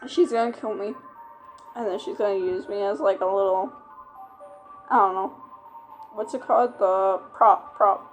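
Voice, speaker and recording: A woman's voice: mid-range voice, normal speed, long pauses, soft background music. A woman reading a story game aloud and reacting expressively, often saying "bro". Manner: expressive, exclamations, says "bro". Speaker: game player.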